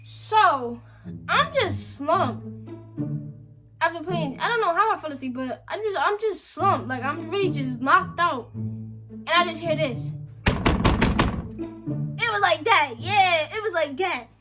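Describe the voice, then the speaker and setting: A young woman with a very high voice tells a storytime for her vlog, slangy and animated as she acts out what everyone said. Music plays clearly under her voice. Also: unhurried, long pauses. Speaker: vlogger.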